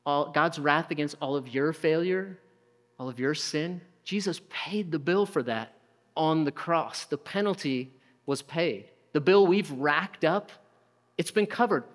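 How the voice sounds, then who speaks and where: A man's voice: on the high side, measured pace, long reverb tail. A man preaching a conversational sermon, asking rhetorical questions and acting out short quotes. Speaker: pastor.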